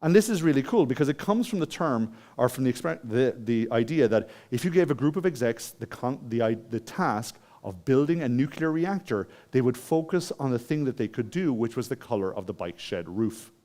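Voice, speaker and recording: A man's voice: mid-range voice, lively intonation, brisk, few pauses, warm tone. Irish guy doing a conference talk, casual, lots of restarts, hall mic. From Ireland. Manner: conversational, asks the audience questions, many restarts. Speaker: conference speaker. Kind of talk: conference talk with personal story.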